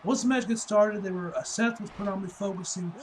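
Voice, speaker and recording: A man's voice: high voice, quick pace, crowd noise, rough recording. A man giving a casual spoken review, ranting heatedly with lots of swearing and a loose, rambling delivery full of "like.". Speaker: wrestling reviewer.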